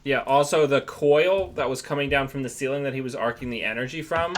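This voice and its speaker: A man's voice: medium pitch, fairly quick, a little hiss or hum. A man narrating a tabletop game as game master, describing scenes loosely with many fillers.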